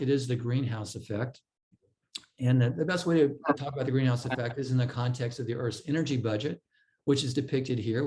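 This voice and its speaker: Man, lecture presenter, explains step by step, mid-pitched, stumbles and restarts as he goes. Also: a little mellow, poor audio. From California. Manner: explanatory, with frequent fillers and restarts. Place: club meeting room.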